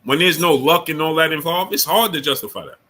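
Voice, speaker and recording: A man's voice: a little high, quick pace, sharp tone, breathy edge. A man hosting a casual sports talk livestream, speaking in loose slang and greeting viewers from the super chat between his takes.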